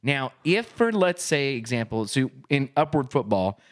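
A man co-hosting a podcast, telling a coaching story in casual chat and acting out his own yelling in loud bursts. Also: medium pitch, sing-song, moderate pace. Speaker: podcast co-host and youth football coach.

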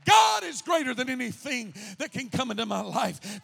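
A male pastor preaching a sermon, leading the congregation in call-and-response and building to shouted declarations. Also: very high voice, very animated, moderate pace, creaky, hardly any pauses, husky.

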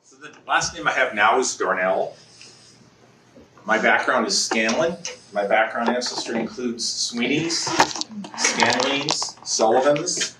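A man's voice: medium pitch, slow pace, far from the mic, noisy background. Man preaching in a roomy church. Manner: conversational, with frequent restarts and throat-clearing. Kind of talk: sermon. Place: church sanctuary.

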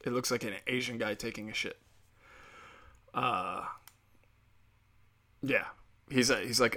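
Solo podcast host, male, foul-mouthed sarcastic ranter, mid pitch, bright edge. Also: slow pace, pauses often. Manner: crude, ranting, sarcastic, mocking voices.

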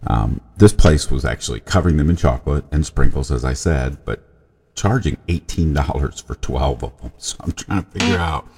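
A man's voice: extremely low pitch, moderate pace, vocal fry, a little mellow, breathy edge. A man hosting his own podcast, chatting casually in a rambling way with self-corrections and chuckling asides. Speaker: podcast host. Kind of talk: casual solo podcast monologue.

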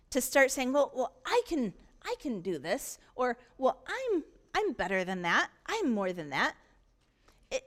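A woman pastor preaching a sermon in a church, retelling a story earnestly with frequent restarts. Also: high voice.

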